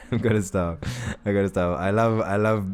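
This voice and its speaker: With game music playing, a male gaming YouTuber sits close to the mic in front of his face, giving playful let's play commentary. He reads the game text aloud and laughs at himself in a lowish, darkish voice.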